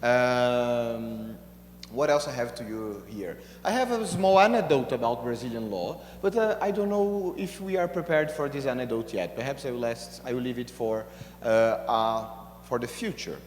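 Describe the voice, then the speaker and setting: A man's voice: mid-range voice, expressive, slight background noise. Man lecturing in an echoey hall. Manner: halting, with frequent fillers and restarts. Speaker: law professor. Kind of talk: university lecture. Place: university classroom.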